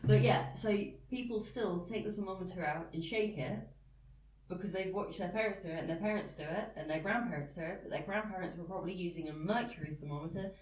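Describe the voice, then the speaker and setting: A woman's voice: on the low side, fast, a little mellow, far from the mic, slight background noise. A woman hosting a casual podcast, explaining things at length and laughing easily. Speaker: podcast host. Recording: roomy sound from off-mic.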